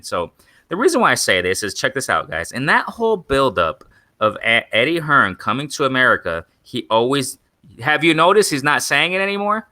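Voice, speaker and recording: A young man talks boxing on a live stream, circling back and repeating himself while calling out to his viewers. His voice sits a little low but has a forceful, bright edge. The sound is dry and close, with no room around it. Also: no room sound. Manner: rambling, repetitive, addresses viewers as guys. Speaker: boxing channel host. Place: in Mexico.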